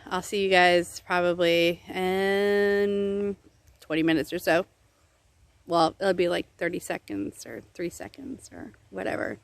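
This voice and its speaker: A woman's voice: lowish voice, no echo. A woman vlogging casually to camera on a woodland trail, talking in a rambling, candid way and swearing now and then. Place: outdoors on woodland trail stairs.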